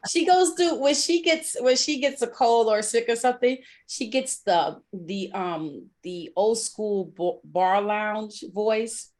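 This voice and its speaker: A woman's voice: on the high side, slow, few pauses, a little mellow. A middle-aged woman hosting a podcast in casual chat, bubbly and laughing often, with many fillers. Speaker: podcast host.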